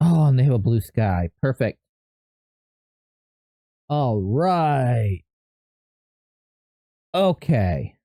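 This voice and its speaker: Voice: medium pitch, animated, very slow, long pauses, dark tone, no echo. A live streamer chatting casually and thinking aloud, often stopping to correct themself.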